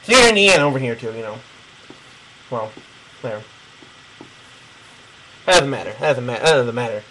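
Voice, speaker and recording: A man's voice: medium pitch, expressive, normal speed, sharp tone, a little hiss or hum, low-quality recording. A young man from Michigan rambling casually and profanely while drawing a map for someone, laughing often. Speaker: video replier. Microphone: camera mic close to the face.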